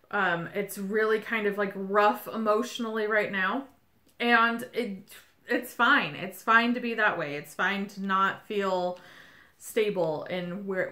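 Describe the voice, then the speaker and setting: A woman's voice: mid-range voice, bright, forceful tone. A woman giving a casual tarot reading, talking in a reflective, reassuring way with frequent fillers. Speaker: tarot reader. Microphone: home video setup.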